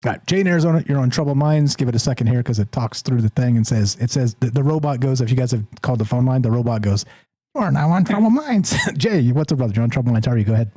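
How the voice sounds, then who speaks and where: A man hosting a call-in radio show, talking in an animated, quick way with laughing asides. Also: medium pitch, no echo, studio quality. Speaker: host.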